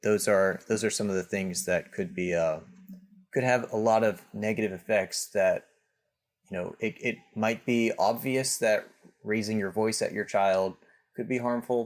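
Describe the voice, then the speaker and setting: A man with a fairly low voice speaks as a guest on a podcast. He explains his points conversationally, often repeating words and restarting his sentences as he thinks aloud. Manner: hesitant, many restarts and fillers.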